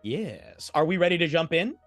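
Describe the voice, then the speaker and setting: Animated man running a tabletop game. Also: fairly high pitch, normal speed, dry recording, soft background music. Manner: animated, rambling, self-correcting. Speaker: game master. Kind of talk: narrating a tabletop game on a live stream.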